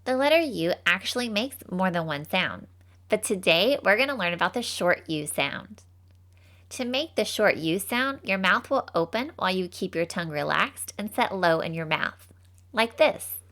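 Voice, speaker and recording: A young woman voicing a cheerful, folksy teacher character, leading a scripted phonics lesson for children slowly and patiently. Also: medium pitch, animated, a bit bright, natural voice. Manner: slow, patient, encouraging.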